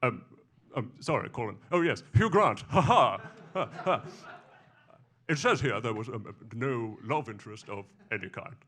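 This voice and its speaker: A man's voice: medium pitch, lively intonation, normal speed, bright, forceful tone. A man on stage impersonating a posh English romantic lead who stammers and flusters politely. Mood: flustered.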